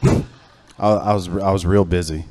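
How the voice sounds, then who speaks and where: A man's voice: sits low, a little slow, slight background noise. Man doing a stand-up comedy set. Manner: storytelling, builds to loud animated punchlines. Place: comedy club stage.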